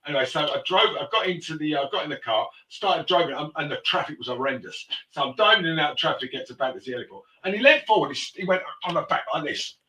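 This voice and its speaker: A man rattles off coarse, sweary stories at a fast clip, tripping over his own restarts. His voice is bright and forceful, and it sounds set back from the microphone in a roomy, echoing space. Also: on the high side, expressive, distant mic. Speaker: host. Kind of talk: casual chat, telling anecdotes.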